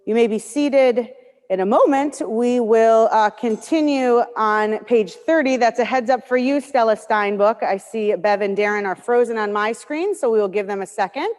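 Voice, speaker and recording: A woman's voice: a little high, moderate pace, a little mellow, long reverb tail. A woman leading a worship service, chatting in friendly asides between prayers and readings.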